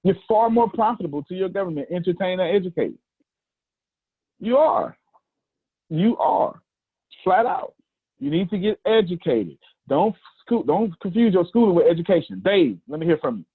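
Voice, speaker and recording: A man's voice: high-pitched, big pitch swings, normal speed, pauses often, breathy edge, dry recording. A man leading a group coaching call, emphatic, preachy and slangy, teasing his listeners as he goes. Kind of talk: lively coaching talk on a video call. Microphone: video call audio. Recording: tinny, dry call audio.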